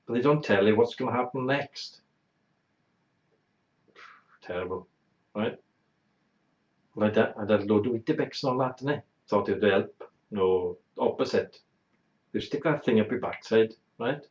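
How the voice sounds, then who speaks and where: A man's voice: lowish voice, moderate pace, pauses often. A man hosting a talk show, telling a blunt, exaggerated, bawdy comic anecdote. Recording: roomy, dull lo-fi sound.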